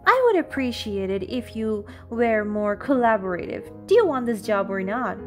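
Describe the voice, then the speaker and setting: A woman's voice: on the high side, expressive, normal speed, faint music behind, close to an everyday voice. A woman reading the lines of a dismissive, prying job interviewer who talks down to a candidate. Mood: condescending. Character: condescending female job interviewer.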